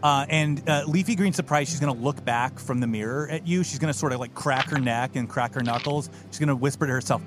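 A man narrating as game master of a comedic tabletop game, playful and quick to laugh. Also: medium pitch, over music.

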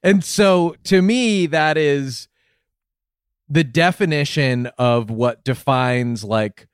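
Male co-host, fairly high voice, dry close sound, animated, jokey banter. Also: slow, clear, resonant tone, dry recording. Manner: animated, joking, mock-indignant. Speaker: podcast co-host. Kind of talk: casual comedic chat.

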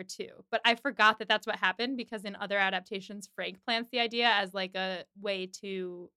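A woman's voice: medium pitch, bright, forceful tone, smooth, no room sound, studio quality. A woman hosting a podcast, chattily recapping a TV episode and leaning on "like" as she talks. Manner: chatty retelling, heavy use of "like".

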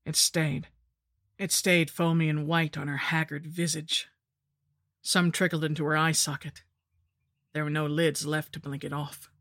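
A woman narrating a horror story in the first person, with a measured, grim delivery. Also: low-pitched, little pitch movement, creaky, a bit bright, dry recording, clean studio sound. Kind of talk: scripted narration.

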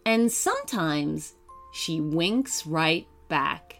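A woman narrating a children's bedtime story gently, putting on voices for the characters. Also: low voice, expressive, very slow, vocal fry. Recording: faint music behind.

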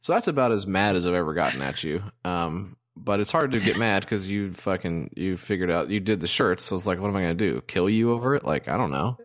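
A man with a very deep, low-pitched voice chats casually as a podcast co-host. He rambles along with plenty of ums, uhs and restarts. He sounds like he's in his thirties. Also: expressive, fairly quick, few pauses. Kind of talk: casual chat.

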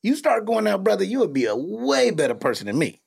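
A man, a comedian and dad hosting a podcast, telling stories in a casual, animated way with plenty of cursing. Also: sits high, fairly quick, vocal fry, slightly rough. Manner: animated storytelling, cursing freely. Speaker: podcast host; comedian and father.

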